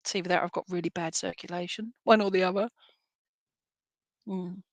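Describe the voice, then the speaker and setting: British lady medium giving a gentle reassuring reading, keeps asking "all right?", dry close sound. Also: on the low side, fairly even intonation, fairly quick, no echo. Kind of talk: giving a spirit message.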